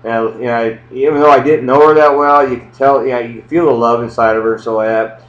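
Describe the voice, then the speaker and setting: A man's voice: mid-range voice, steady tone, brisk. A man in his sixties tells his own life story in a casual, rambling, heartfelt way, full of "you know" and "I mean.". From United States. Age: 60s. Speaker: adoptee telling his story. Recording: roomy, dull lo-fi home recording.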